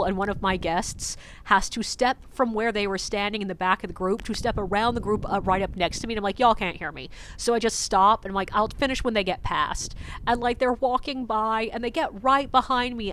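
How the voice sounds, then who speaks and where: A woman's voice: a little high, a bit bright, a little hiss or hum. A woman who works as a ghost tour guide, telling a story casually and acting out what people said, with lots of "like" fillers. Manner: chatty, lots of "like" fillers, acts out quotes.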